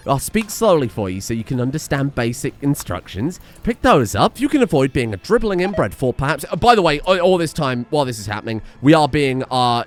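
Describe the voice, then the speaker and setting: A young man commentating a game, ranting at his characters in an exasperated, sarcastic, sweary way. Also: mid-range voice. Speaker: gaming streamer. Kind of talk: let's play commentary.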